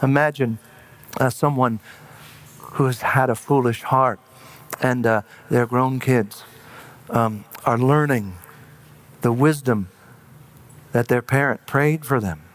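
A man preaching a sermon in an earnest way, slowing down and dropping to a hush for emphasis. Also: medium pitch.

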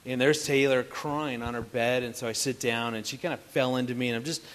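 A man telling a family story as a marriage speaker to a live audience, animated and joking, asking the audience questions. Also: medium pitch, brisk.

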